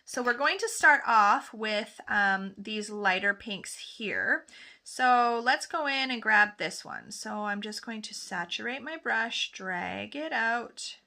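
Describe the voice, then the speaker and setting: A woman's voice: a little high, animated, slow, creaky, pushed and bright. A woman nail technician chatting casually through a tutorial as she paints, often correcting herself mid-sentence. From Canada. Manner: chatty, talks while painting, self-correcting.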